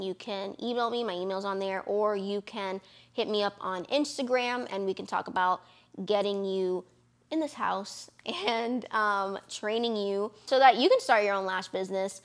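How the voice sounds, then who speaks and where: A woman's voice: medium pitch, fairly bright tone. A young woman from Florida, a lash business owner, talking casually and encouragingly to camera with lots of fillers. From Florida, USA. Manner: chatty, encouraging, many fillers.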